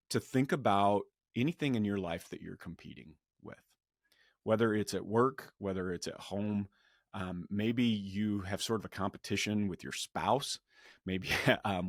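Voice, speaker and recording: A man's voice: low voice, no room sound, studio quality. A middle-aged man hosting a podcast, telling a personal story and reflecting in a loose, conversational way with frequent restarts. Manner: conversational, with many restarts and a quoted yell. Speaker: podcast host.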